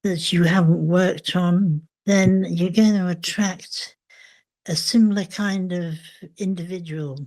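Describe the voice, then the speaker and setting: Older lady talking real slow and thoughtful in an interview, lots of pauses, kinda low voice. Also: fairly even intonation, a little mellow. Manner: slow, thoughtful, with frequent hesitations. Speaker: memoir author and guest. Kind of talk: reflective interview conversation.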